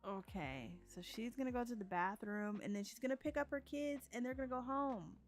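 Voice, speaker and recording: A woman's voice: on the high side, animated, fairly quick, soft background music. A woman streaming a life-sim game, chatting casually, giggling often and narrating what her characters think and say. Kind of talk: casual let's-play commentary.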